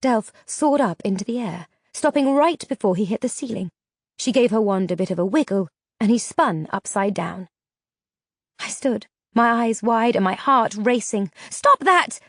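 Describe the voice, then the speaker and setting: A woman narrating a fantasy novel in the first person with steady storytelling. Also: mid-range voice, moderate pace, no echo, clean studio sound. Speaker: audiobook narrator.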